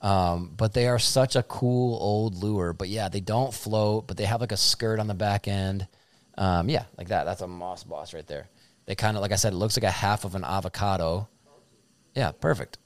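A man in his thirties with a lowish voice, talking loosely and cracking jokes as he rambles through a story. His recording is dry and close, with no room sound around him. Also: moderate pace, dry recording. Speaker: podcast co-host. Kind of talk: casual chat.

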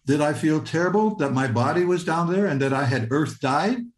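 An older man in his seventies tells a personal story in a somewhat high voice. He halts, restarts and repeats words, recounting it in vivid present tense, and his voice carries a roomy echo. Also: expressive, normal speed, few pauses. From Michigan, United States.

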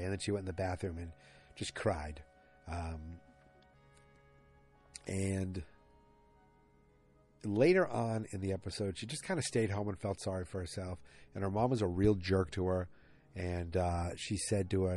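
A man with a lowish voice talks through a TV episode in a loose, chatty way, drifting from point to point. Faint music sits quietly behind him. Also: unhurried. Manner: chatty, digressive, self-aware. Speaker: podcast host recapping a TV episode. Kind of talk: casual chat.

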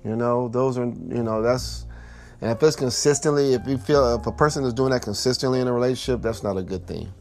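A man's voice: medium pitch, fairly quick, darkish tone, soft background music. A man talking through relationship advice in a casual, rambling way, full of "you know" and "like".

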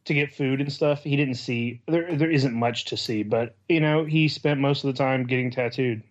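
A tattoo artist co-hosting a casual podcast chat, a laid-back man who talks haltingly with many fillers. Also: mid-range voice, lo-fi sound.

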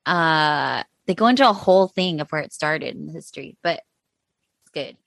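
A woman's voice: sits low, animated, moderate pace, creaky, fairly bright tone, dry recording. A woman co-hosting a casual chat, telling stories with frequent laughter. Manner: laughing storyteller. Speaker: podcast co-host.

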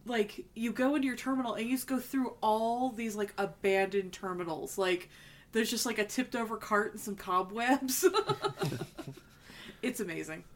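A woman co-hosting a podcast, chatting animatedly about a movie, quick to jump in and often laughing. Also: fairly high pitch, a little hiss or hum. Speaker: podcast co-host. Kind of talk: casual movie chat.

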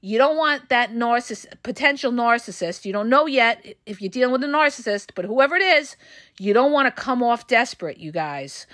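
A high-pitched woman talks straight at her listeners with frank, emphatic advice, swearing freely and hammering her points home. Her voice is wearing hoarse, and the recording is dry and close with no room sound. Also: animated, normal speed, fairly bright tone, no echo. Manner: frank, profane, emphatic, addresses listeners as "you guys". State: losing her voice. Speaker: podcast host and relationship coach. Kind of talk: blunt advice monologue.

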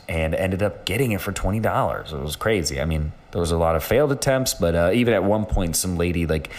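A man with a low, deep voice hosts a solo podcast episode. He talks loosely and off the cuff, filling gaps with ums and uhs and restarting his sentences as he goes. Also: lively intonation, fast, hardly any pauses, a little mellow. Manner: rambling, with many fillers and restarts. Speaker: podcast host. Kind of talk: casual solo podcast chat.

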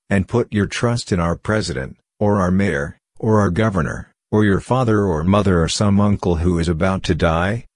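A man's voice: sits low, a little mellow, no echo, clean studio sound. A man giving a spoken spiritual lecture, emphatic, with repeated rhetorical questions.

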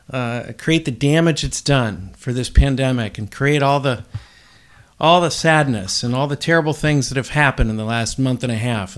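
A man hosting a solo podcast, rambling bluntly and swearing freely. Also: medium pitch. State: up before dawn, tired. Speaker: podcast host.

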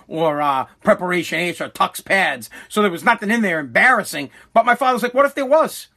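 High, bright-voiced ranting man. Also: expressive, brisk, vocal fry. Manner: profane, blunt, rambling storyteller. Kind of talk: ranting comedic monologue.

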